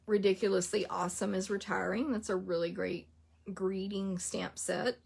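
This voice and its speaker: Gravelly chatty woman. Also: mid-range voice, fairly even intonation, normal speed, a little mellow. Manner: chatty, rattles through a list, lots of "like" and "um". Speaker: craft product demonstrator. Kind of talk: casual product rundown.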